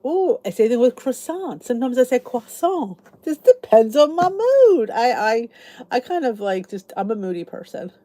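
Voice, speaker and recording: A middle-aged woman from the Philadelphia area, with the accent to match, hosts her YouTube channel live, chatting casually with viewers and rambling through answers to their comments. Her voice sits on the high side, sing-song and mellow, at normal speed in a recording with no echo.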